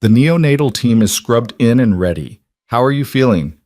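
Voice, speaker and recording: A man voicing a calm, efficient woman doctor, brisk and encouraging. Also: mid-range voice, no echo, clean studio sound, close to an everyday voice.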